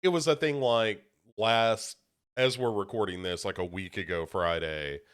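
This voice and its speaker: A man's voice: on the low side, normal speed, a bit bright, clear, resonant tone. A young man co-hosting a podcast, a little congested, chatting casually in a rambling, self-deprecating way with many restarts. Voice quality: slightly congested. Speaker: podcast co-host. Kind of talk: casual chat.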